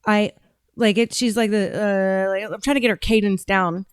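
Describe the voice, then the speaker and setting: A woman's voice: mid-range voice, fairly even intonation, moderate pace, clean tone, no echo. A woman hosting a casual political commentary podcast, talking bluntly and rambling, with frequent restarts. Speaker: podcast host and political candidate.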